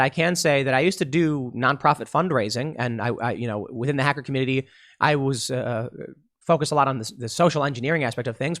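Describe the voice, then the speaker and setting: A man's voice: mid-range voice, fairly bright tone. A man hosting a podcast, delivering an emphatic political commentary monologue with repeated phrases and frequent restarts. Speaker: podcast host.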